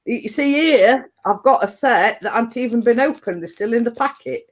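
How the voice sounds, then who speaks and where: A woman's voice: fairly high pitch, moderate pace. A woman hosting a casual livestream chat from her home computer desk, rambling with restarts. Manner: chatty, rambling with frequent restarts and laughs. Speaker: livestream host.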